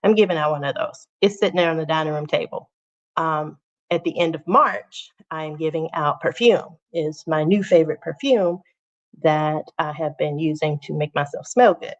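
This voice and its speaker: A woman's voice: deep voice, moderate pace. A woman hosting her own livestream from home, chatting casually and directly with her viewers. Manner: chatty, talks straight to viewers as "y'all". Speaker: channel host. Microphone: phone or webcam on a livestream. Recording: dull, lo-fi livestream audio.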